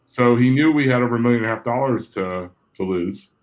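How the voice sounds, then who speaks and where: Middle-aged jersey guy telling stories on a podcast, animated, curses a lot, does the voices of people he quotes. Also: medium pitch, fast talker, muffled recording. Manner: animated, acts out quoted people, swears freely. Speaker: guest. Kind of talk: casual anecdotal storytelling.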